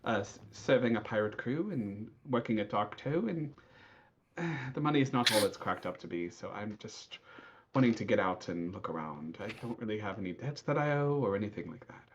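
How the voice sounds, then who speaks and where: A man voicing an easygoing halfling woman sailor for hire, who speaks in a hesitant, halting way. The recording is dull and lo-fi. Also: on the low side, expressive, breathy edge. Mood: casual, candid.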